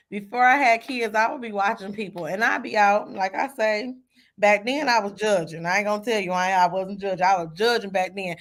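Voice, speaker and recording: A woman's voice: medium pitch, a bit bright. Woman host, casual livestream chat, talkative, laughs easily, addresses viewers as a group. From Michigan. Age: adult mother. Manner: chatty, laughing, talks to viewers as y'all.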